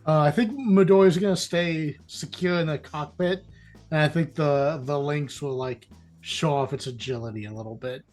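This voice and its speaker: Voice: mid-range voice, moderate pace, darkish tone, faint music behind. Goofy player riffing on his turn, lots of likes and restarts. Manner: joking, full of likes and restarts. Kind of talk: playing a tabletop game.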